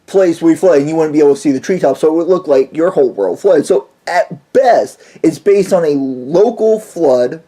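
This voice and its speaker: A man guest-presenting a casual explainer monologue, speaking bluntly and haltingly, with frequent restarts and pauses. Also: on the high side, warm tone. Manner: blunt, dismissive of the story.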